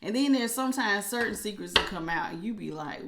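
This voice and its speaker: A woman's voice: medium pitch, brisk, very noisy. A woman, a tarot reader talking casually and emotionally to her viewers. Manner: chatty and emotional, animated with laughs.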